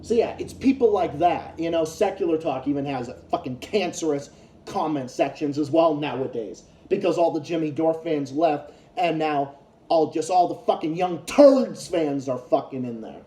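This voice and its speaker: A man's voice: a little high, lively intonation, moderate pace, dark tone. Profane ranting man in an echoey room. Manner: profane, heated ranting with repeated restarts. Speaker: YouTube commentator. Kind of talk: ranting commentary vlog.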